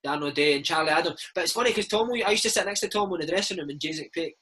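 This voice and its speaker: A Scottish man in his thirties telling stories in a casual, animated chat, saying "mate" a lot. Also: fairly high pitch, rapid-fire, husky. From Scotland. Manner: chatty, animated storytelling with frequent "mate" and "man". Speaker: interview guest, former footballer and podcast host.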